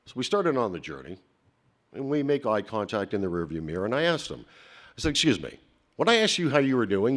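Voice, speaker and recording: A middle-aged man from Canada giving a heartfelt, rhetorical acceptance speech from a podium on a banquet hall stage. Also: mid-range voice. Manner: emotional, rhetorical, with dramatic pauses.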